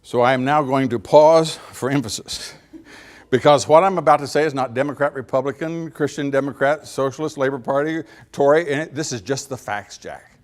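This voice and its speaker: Speaking fairly quickly in a mid-range voice, this middle-aged man gives a homespun talk full of stories. He plays out small bits of dialogue and laughs along at his own humor.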